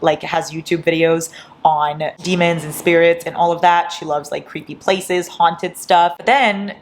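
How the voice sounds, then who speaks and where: A woman vlogging casually through an all-night reading session, giddy and excitable, laughing often and swearing, tired from no sleep. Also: lowish voice, measured pace, a little hiss or hum. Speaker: book vlogger.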